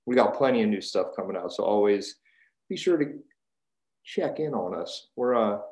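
A man hosting a podcast, giving an energetic, jokey intro and promo over a video call. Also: fairly low pitch. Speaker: podcast host. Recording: roomy echo.

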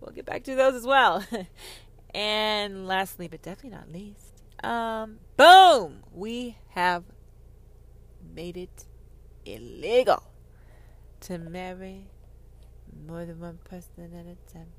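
A woman giving a heated monologue on faith, sarcastic and profane, swinging from loud outbursts to whispers. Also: mid-range voice, slow pace, pauses often, no echo. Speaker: online Christian commentator.

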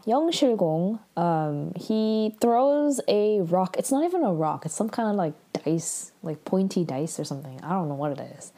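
A woman's voice: fairly low pitch, warm tone. A young woman casually recapping a drama episode, chatty and full of "like" and "um" fillers. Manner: chatty, heavy use of "like" and "um".

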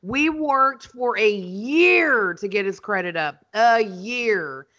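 A woman, a podcast host and real estate agent telling animated, dramatic stories in casual chat. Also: mid-range voice, takes it slowly.

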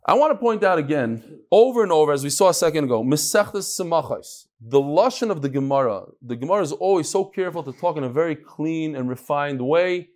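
A man's voice: on the high side, animated, brisk, few pauses, darkish tone. A man teaching a daily Talmud class, explaining the text in plain talk mixed with Hebrew and Yiddish study terms and acting out the dialogue.

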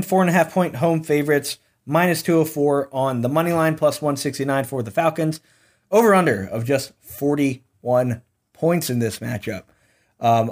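A young man hosting a sports podcast, running through football picks in a casual, opinionated way that sometimes turns into ranting. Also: medium pitch. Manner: opinionated, ranting, laughs at own jokes. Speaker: podcast host. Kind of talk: casual sports betting chat.

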